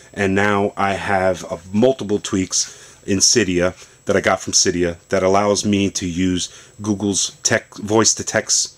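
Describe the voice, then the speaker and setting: A man with a very deep voice walks through a phone demo in a basement, loose and chatty. He stops, restarts and fills gaps with "uh" as he goes. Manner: relaxed, rambling explanation with many fillers and restarts. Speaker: tech video host. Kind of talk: casual tech demonstration.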